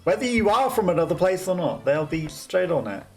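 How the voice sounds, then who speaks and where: A man's voice: sits high, big pitch swings, fairly quick, darkish tone, soft background music. A man casually commentating on his gameplay as a let's play host, chatting freely and laughing often between remarks.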